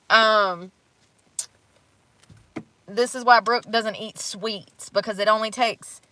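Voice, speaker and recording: A woman's voice: medium pitch, a little slow, long pauses, bright, forceful tone, rough recording. A young woman chatting casually to viewers on a live stream from outdoors in the snow, swearing freely as she talks. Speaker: livestreamer.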